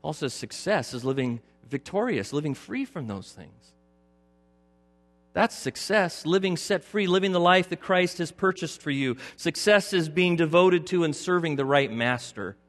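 A middle-aged male pastor preaching a sermon, moving from loud emphatic points to a quiet personal story. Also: a little high, expressive, moderate pace. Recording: long hall reverb with faint music.

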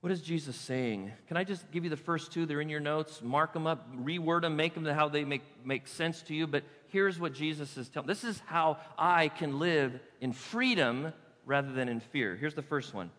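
A man preaching from the pulpit with a high, sharp voice, hammering key points and then easing into quiet asides. His handheld mic carries into a church hall with a long, ringing reverb. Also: moderate pace. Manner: emphatic preaching, drops to soft asides. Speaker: pastor. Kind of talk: sermon. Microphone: handheld microphone.

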